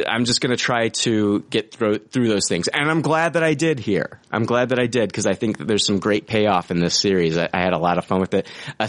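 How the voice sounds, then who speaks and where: A man's voice: on the low side, fairly bright tone. Rambling, enthusiastic male podcast host. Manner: enthusiastic, rambling with many restarts. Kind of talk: casual review chat.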